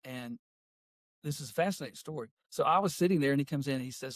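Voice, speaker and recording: A man's voice: medium pitch, very fast, fairly bright tone, no room sound, studio quality. A middle-aged man, a workplace consultant talking in a folksy way and telling stories in an interview. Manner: folksy, with homespun phrases. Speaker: guest, workplace culture consultant and author. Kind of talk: casual interview talk and storytelling.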